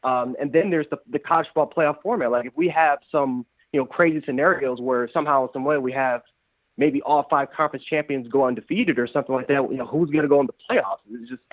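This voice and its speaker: Fast-talking male caller on a phone line. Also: medium pitch, no echo. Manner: quick, hesitant questions with many fillers. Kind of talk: casual sports talk. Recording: tinny dry phone line.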